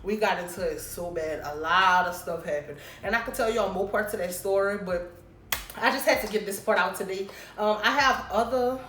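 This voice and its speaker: A woman vlogger telling a casual storytime to her viewers, animated and emphatic, acting out both sides of the conversation. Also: mid-range voice, moderate pace, a little hiss or hum. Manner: animated, emphatic retelling with quoted exchanges. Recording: roomy echo.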